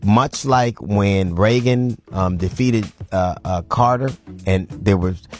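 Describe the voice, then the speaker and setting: A man hosting a radio show, chatting casually in an animated, joking way with frequent restarts. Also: fairly low pitch, takes it slowly, soft background music. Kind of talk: casual talk-radio banter.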